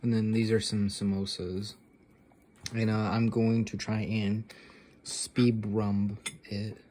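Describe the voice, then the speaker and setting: Man, low voice, casual rambling vlog, swears a lot, talks while chewing, camera mic, faint background hiss. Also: level tone, takes it slowly, dark tone. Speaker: vlogger.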